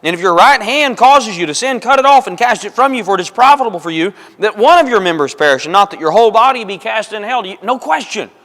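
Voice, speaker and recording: Expressive and quick, with few pauses, this high-pitched, slightly bright man delivers a sermon in a church auditorium. He hammers points through repetition and addresses the congregation as folks and brethren, the recording steeped in long hall reverb.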